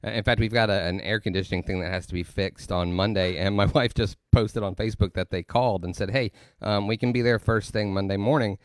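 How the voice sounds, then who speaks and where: Co-host: a low-voiced man with a light Southern US accent, jokey, dry close sound. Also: steady tone, fast talker, few pauses, dry recording. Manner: joking storyteller. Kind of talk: casual interview chat.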